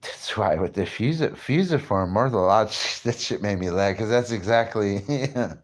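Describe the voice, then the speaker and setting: A man's voice: lowish voice, lively intonation, moderate pace. A tipsy man rambling in a profane, boastful way and laughing at himself as he mixes fish science with street slang. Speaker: fishing vlogger. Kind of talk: casual rambling monologue.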